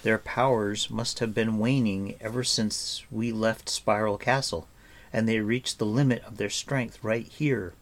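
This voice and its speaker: A man voicing an earnest, protective young man in a measured, plain tone. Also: fairly low pitch, steady tone.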